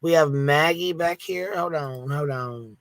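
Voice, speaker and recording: A man moderating a livestream panel, brisk and apologetic. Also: a little high, fairly bright tone.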